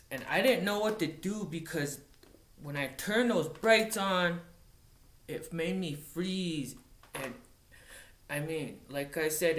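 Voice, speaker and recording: A man, a wildland firefighter from Montana, telling a story in a casual, profane way, halting and restarting often. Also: a little high, fairly bright tone, slight background noise. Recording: roomy echoey recording.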